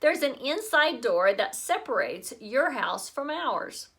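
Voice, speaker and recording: Woman doing a bratty, indignant little girl, bright and high, for a storybook read. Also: big pitch swings, takes it slowly, full character voice. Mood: snippy. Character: bossy, snippy young girl.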